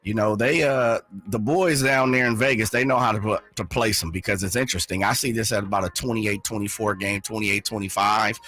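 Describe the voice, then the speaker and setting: A man's voice: lowish voice, fairly quick, few pauses, faint music behind. A man on a sports radio show, giving his picks in a chummy, casual way. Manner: lively, chummy, calls people brother.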